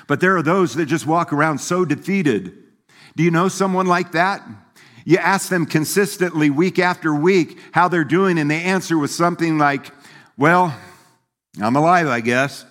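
A man's voice: fairly high pitch, moderate pace, fairly bright tone. A man preaching a sermon as pastor, in a folksy, conversational way, laughing and acting out quoted voices. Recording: long hall reverb.

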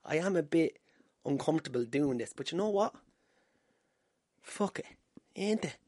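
A man's voice: fairly high pitch, lively intonation, moderate pace, darkish tone, no echo, studio quality. An Irish man hosting a casual solo podcast from home, telling stories with swearing and self-deprecating humour. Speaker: podcast host. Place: room at home. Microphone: wired podcast mic.

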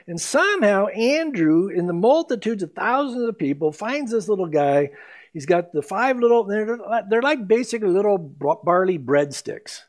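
Casting: emphatic male pastor, fairly high voice, teaching verse by verse. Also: sing-song. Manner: emphatic, reads scripture aloud slowly, then explains. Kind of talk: expository sermon.

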